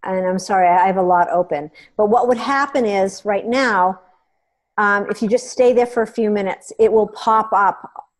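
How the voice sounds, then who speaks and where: A woman hosting a meeting, giving a chatty hands-on software tutorial and often checking in with her listeners. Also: medium pitch, normal speed. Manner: chatty and instructive, checks in with "okay?". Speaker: meeting host.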